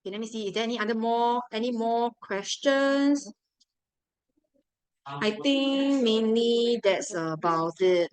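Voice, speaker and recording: A woman's voice: fairly high pitch, clean tone, poor audio. A young woman with a Singaporean English accent teaching a live science revision class, chatty and repeating key points to coax her students along. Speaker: science tutor.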